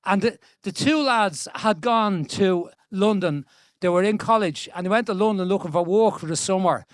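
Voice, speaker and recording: Chatty older Dublin man, high voice. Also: normal speed, no room sound. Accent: Dublin Irish. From Ireland. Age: 70s. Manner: chatty, animated storyteller with frequent restarts and laughs. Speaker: guest being interviewed. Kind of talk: storytelling conversation. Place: event stage before an audience.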